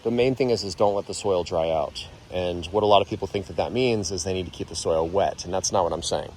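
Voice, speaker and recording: A man's voice: low voice, quick pace, darkish tone, a little hiss or hum. A man hosting a gardening channel, giving a casual, rambling tutorial outdoors in his garden and correcting himself as he goes. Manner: rambling, conversational, self-correcting.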